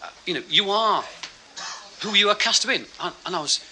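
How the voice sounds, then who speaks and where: A man's voice: high voice, animated, fairly quick, bright, forceful tone, slight background noise, rough recording. A man telling a rambling, self-mocking stand-up story with laughing asides. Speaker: stand-up comedian.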